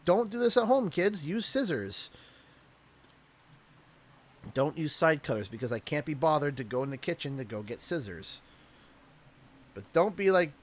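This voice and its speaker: A young adult man from Canada, chatting casually and jokingly on a livestream while unboxing, rambling and easily excited. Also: fairly high pitch. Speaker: streamer.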